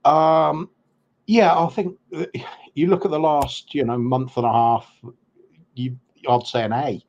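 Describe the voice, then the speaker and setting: A man co-hosting a casual football chat, pausing often with ums and restarting his sentences. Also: a little high, fairly even intonation, darkish tone, muffled recording. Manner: hesitant, lots of ums and restarts. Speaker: podcast co-host.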